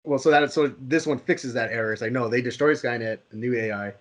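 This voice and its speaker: A man's voice: mid-range voice, fast. A man co-hosting a podcast, chatting casually about movies, often restarting his words and acting out reactions. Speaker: podcast co-host.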